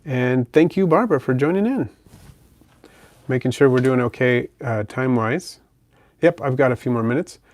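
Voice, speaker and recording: A man hosting a pet channel livestream, casually reading viewer comments in a relaxed, chatty way and softly cooing to his pet bird. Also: medium pitch, moderate pace.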